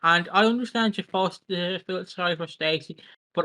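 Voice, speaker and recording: A man co-hosting a podcast in casual chat, animated and sweary, recapping events with acted quotes. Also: sits high, moderate pace, low-quality recording. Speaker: podcast co-host.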